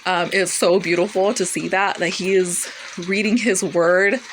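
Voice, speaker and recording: A woman with children giving a casual personal testimony about a dream, halting and full of fillers and restarts. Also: on the low side, fairly even intonation, slight background noise, low-quality recording. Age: adult with children. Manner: hesitant, many fillers and restarts. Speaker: Christian vlogger sharing a dream.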